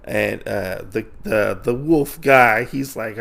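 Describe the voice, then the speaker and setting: A podcast host recaps a comic issue in a casual, rambling way, full of fillers and restarts. His voice is low-pitched, gravelly and a bit bright, and he speaks slowly with few pauses.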